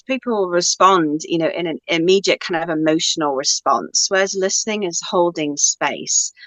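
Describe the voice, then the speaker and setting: A woman's voice: fairly low pitch, pushed and bright, no room sound. A woman speaking as a guest spiritual teacher in a casual conversation, reflective and rambling, with many fillers.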